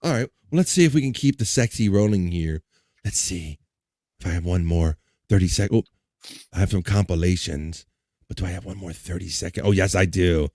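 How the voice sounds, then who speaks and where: A man's voice: deep voice, brisk, a little mellow, no room sound. Man, livestream host, jokey, laughs a lot, dry close sound. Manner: jokey, laughs often, reads chat comments aloud. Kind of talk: casual chat.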